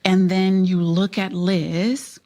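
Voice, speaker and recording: A woman's voice: lowish voice, little pitch movement, slow, warm tone. A woman, an actress, talking earnestly and reflectively in a panel conversation, searching for her words.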